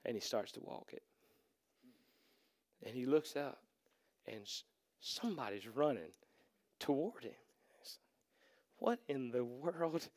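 A male pastor preaching a sermon, acting out the characters and swinging from loud to hushed. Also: mid-range voice, expressive, a little slow, pauses often, no echo.

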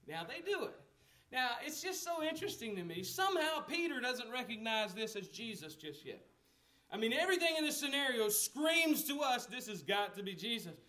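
High-voiced preacher, conversational. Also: male voice, very animated, normal speed, sharp tone. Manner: conversational preaching with rhetorical questions, acting out quotes. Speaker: pastor. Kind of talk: sermon.

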